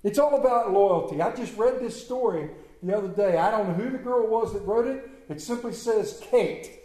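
A man preaching a sermon as pastor, impassioned, moving between hushed and emphatic delivery. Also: high voice, fairly quick. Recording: roomy echo.

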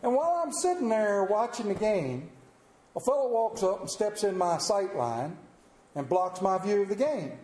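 Man, pastor, middle-aged, folksy sermon, self-deprecating, high voice, echoey church. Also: sing-song, normal speed, a little mellow. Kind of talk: sermon with storytelling.

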